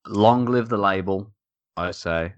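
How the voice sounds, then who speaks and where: A young Englishman sits close to the mic, his voice sitting very low and dry with no room around it. He rambles through a casual chat, full of ums and likes, cracking jokes as he goes. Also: slow, no echo, lo-fi sound. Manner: rambling, jokey, many fillers. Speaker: beer podcast host.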